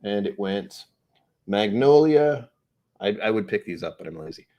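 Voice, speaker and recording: A man's voice: lowish voice, animated, normal speed, mellow. Rambling man hosting a whiskey livestream. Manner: rambling, jokey, talks to chat viewers by name. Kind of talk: casual live-stream chat reading comments.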